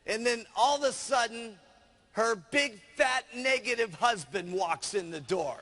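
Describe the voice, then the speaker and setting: A male sales trainer telling a story in an animated way, acting out the scenes with gestures. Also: very high voice, unhurried, long reverb tail.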